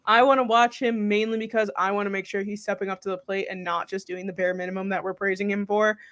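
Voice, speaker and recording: A woman's voice: medium pitch, level tone, fast talker, a bit bright. A woman co-hosting a casual sports podcast, chatty and thinking aloud, with lots of 'like'. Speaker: podcast co-host.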